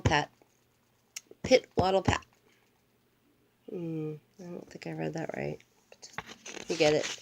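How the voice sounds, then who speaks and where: An older woman, a grandmother, reads a storybook aloud to her grandchild in a medium-pitched, dark-toned voice. She keeps drifting into playful, chatty asides, speaking straight to the child.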